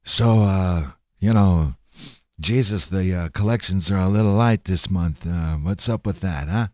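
Brief: a man putting on God as a low, menacing mob boss, casual threats. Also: a little slow, mellow, dry recording, studio quality. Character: God as a gruff mafia boss, male.

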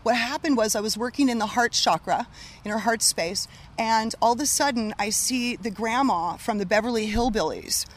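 A woman working as a medium, telling stories in an animated, casual conversation with frequent laughter. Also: a little high, moderate pace.

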